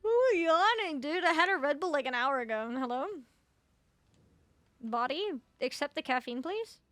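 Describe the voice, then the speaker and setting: A woman's voice: sits high, normal speed, fairly bright tone, no echo. A young woman streaming a video game, chatting casually with her viewers, swearing freely and sounding sleepy. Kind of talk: casual gameplay chat.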